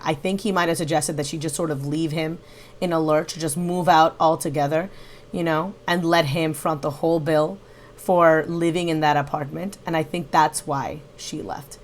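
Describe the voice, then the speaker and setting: A woman's voice: sits low, fairly even intonation, normal speed, a little hiss or hum. A woman hosting a reaction channel, critiquing a livestream and arguing her case point by point. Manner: analytical and critical, argues point by point. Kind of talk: reaction commentary.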